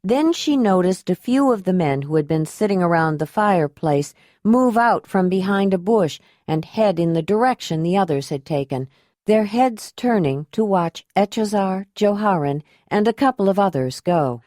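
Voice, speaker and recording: A woman narrating an audiobook in an even, unhurried storytelling manner. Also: medium pitch, no room sound, studio quality.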